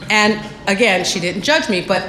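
A woman's voice: medium pitch, animated, normal speed. Candid woman sharing her recovery story. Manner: candid, self-deprecating storytelling. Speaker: speaker sharing at a recovery meeting. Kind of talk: personal recovery share. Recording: echoey room, faint background noise.

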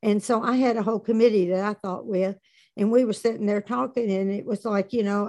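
Woman telling a dark recovery story. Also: medium pitch, steady tone, fairly quick. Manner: plain-spoken storytelling with dark humor. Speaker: speaker sharing her recovery story. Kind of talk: personal testimony at a recovery meeting.

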